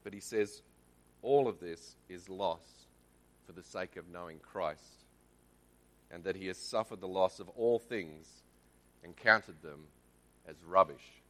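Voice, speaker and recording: A man's voice: sits low, takes it slowly, pauses often. An Australian man giving a conversational Bible teaching in church, often checking in with the congregation. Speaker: lay preacher.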